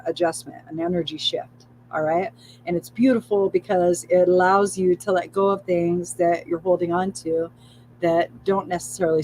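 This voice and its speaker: A woman hosting a live spiritual talk, repeating gentle affirmations and swearing now and then. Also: on the low side, a little hiss or hum, poor audio. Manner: soothing, repetitive affirmations with swearing and laughter. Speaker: spiritual livestream host.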